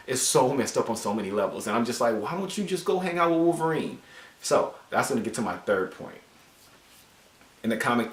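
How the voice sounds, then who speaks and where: A man casually reviewing a comic book, animated and joking with frequent swearing. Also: lowish voice, far from the mic. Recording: roomy echo, voice off-mic.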